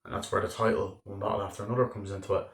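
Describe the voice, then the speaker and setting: Casual male film reviewer, fairly deep voice, rambling and profane, echoey room. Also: flat delivery, rapid-fire, gravelly. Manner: loose and chatty, heavy on filler words, swears freely. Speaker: movie reviewer.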